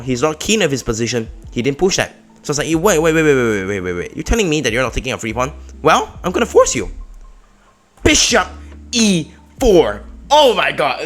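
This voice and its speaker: A young man narrates his chess game move by move in a casual recap, his pitch swinging widely as he shifts from low muttered analysis to sudden loud excitement. Faint music plays underneath his voice. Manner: animated, jumps between murmured analysis and loud outbursts. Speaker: chess streamer.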